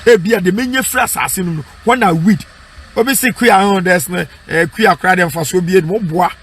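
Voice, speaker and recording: High, husky Ghanaian evangelist. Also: male voice, fairly quick, a bit bright. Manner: emphatic, repeats lines and asks "What I say?" for response; mixes English with Twi. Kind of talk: street-style preaching and advice.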